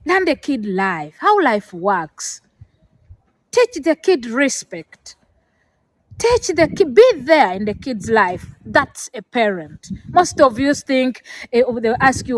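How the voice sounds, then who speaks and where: A woman's voice: fairly high pitch, animated, a little slow, no echo, rough recording. A middle-aged woman from Africa giving an earnest, lecturing talk about parenting, with many fillers and restarts, emotional and near tears. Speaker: vlogger. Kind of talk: emotional personal talk to camera.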